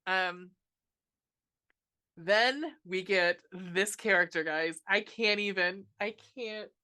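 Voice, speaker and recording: A woman rants through a casual podcast movie review, sarcastic and swearing freely. Her voice is bright and sharp, with filler words and quick asides. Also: mid-range voice, steady tone. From United States. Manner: ranting, sarcastic, swears a lot, frequent laughs and filler. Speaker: podcast host reviewing a film.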